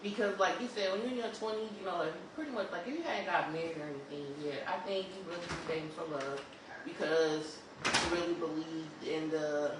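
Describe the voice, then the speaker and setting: A podcast co-host speaking in a thoughtful, measured way with frequent pauses and fillers. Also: mid-range voice. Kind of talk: casual chat. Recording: echoey room, far from mic, noisy.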